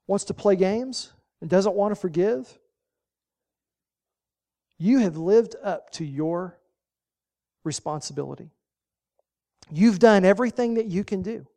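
A pastor delivers a sermon with a warm, mellow tone. The delivery is folksy and emphatic, with casual asides. Short commands are repeated to drive each point home. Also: medium pitch.

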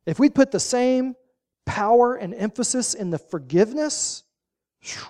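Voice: mid-range voice, animated, unhurried, dark tone. A pastor preaching a sermon, folksy and emphatic, driving points home with short repeated commands.

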